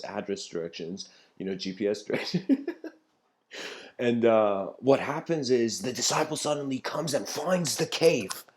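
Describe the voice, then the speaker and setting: A man giving a spiritual talk, retelling an old story in a loose, conversational way with many fillers and restarts. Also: fairly low pitch.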